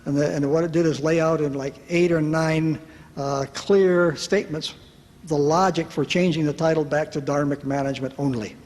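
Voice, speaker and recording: A man telling a personal story to an audience at a retreat, lively and self-mocking, acting out the voices of the people in it. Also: on the high side, normal speed. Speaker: speaker at a retreat. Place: large hall at a retreat. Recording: reverberant hall with faint background noise.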